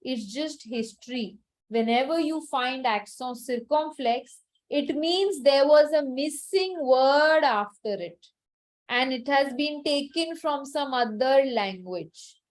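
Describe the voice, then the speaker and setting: A woman teacher with a high voice takes a deliberate, unhurried pace through an online lesson. She is patient and repeats each word several times so her students can drill it. The sound comes through a video call. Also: animated, poor audio. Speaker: French teacher.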